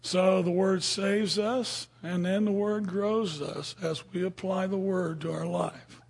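Raspy high-voiced preacher. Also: male voice, fairly even intonation, slow. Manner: conversational, asks the audience questions. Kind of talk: informal Bible teaching.

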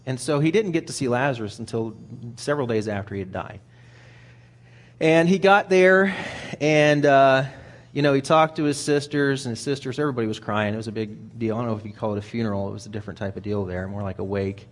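A man's voice: mid-range voice, fairly quick. A man preaching a sermon in a conversational way, often repeating words as he thinks aloud.

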